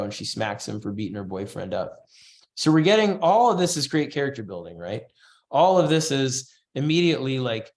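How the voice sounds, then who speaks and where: Guy running a comics writing class, easygoing chatty critique, mid-pitched voice. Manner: loose, chatty, reads comic lines aloud in passing. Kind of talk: casual online class critique.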